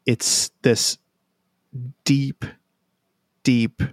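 Man, game master, tabletop narration, gravelly, slow. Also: lowish voice, a little mellow, no echo. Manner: slow, descriptive, some restarts.

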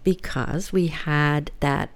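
A middle-aged woman, quietly and haltingly telling a family story in casual conversation. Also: sits low. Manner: halting, soft-spoken, laughs through tears. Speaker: guest relative.

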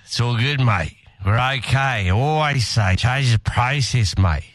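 A man's voice: medium pitch, lively intonation, unhurried, a bit bright, dry recording. Man putting on a laid-back Aussie rugby coach, radio comedy sketch, dry studio sound. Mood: breezy. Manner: laid-back, keeps saying mate. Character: impression of a gruff older male rugby coach, breezy denial.

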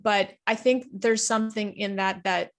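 A woman's voice: medium pitch, steady tone, normal speed. Canadian-born woman opening up as a podcast guest, earnest and reflective, lots of "like" and "you know", mid-range voice. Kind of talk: candid personal conversation.

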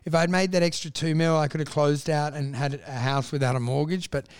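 High-voiced man telling stories. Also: a little fast, smooth, dry recording, studio quality. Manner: animated anecdotal storyteller, swears freely. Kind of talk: casual podcast chat.

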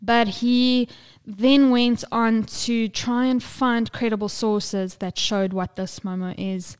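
A woman's voice: on the high side, steady tone, slow, a little mellow, clean tone. A young woman co-hosting a casual podcast chat, talkative and blunt, swearing freely and laughing often. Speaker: podcast co-host.

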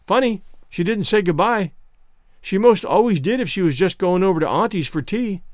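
A small five-year-old girl in a storybook, earnest and grave, her voice high and bouncing with lively swoops, as a man narrator puts her on. The sound is close and dry, with no room around it. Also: normal speed, dry recording. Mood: plaintive. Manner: childlike and earnest.

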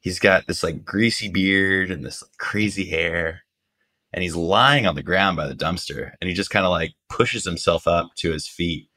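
Low, bright-toned man telling a story. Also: moderate pace. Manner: animated, acts out quotes, lots of "like". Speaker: journalist guest. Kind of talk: casual storytelling.

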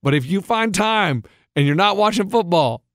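A man hosting a podcast in casual chat, talkative and quick to laugh. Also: high voice, lively intonation, a bit bright, dry recording, studio quality. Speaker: podcast host.

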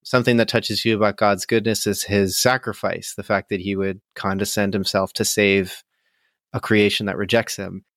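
A man's voice: fairly low pitch, level tone, moderate pace, a bit bright, dry recording, clean studio sound. A man co-hosting a podcast in casual chat, laughing often and talking with emotion. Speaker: podcast co-host.

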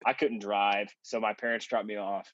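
A male podcast guest giving storytelling interview answers, animated and acting out the voices of people he quotes. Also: lowish voice, normal speed, no echo, muffled recording. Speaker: podcast guest, marketing consultant.

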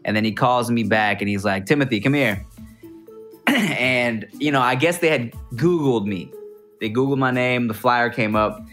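A man's voice: mid-range voice, normal speed, faint music behind. Man telling a comic travel story. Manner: animated, acts out dialogue. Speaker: guest storyteller.

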